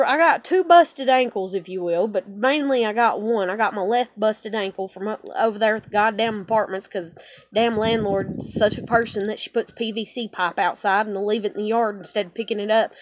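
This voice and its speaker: Woman, high voice, cursing and rambling, dry close sound. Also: no room sound. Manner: profane, rambling, heated. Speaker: vlogger. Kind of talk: angry venting monologue.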